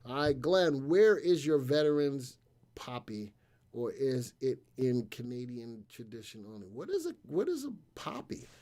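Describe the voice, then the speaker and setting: A man's voice: mid-range voice, measured pace, no echo. Chatty male stock-market livestream host. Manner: relaxed, chatty, reads live chat aloud. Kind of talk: casual live-stream stock commentary.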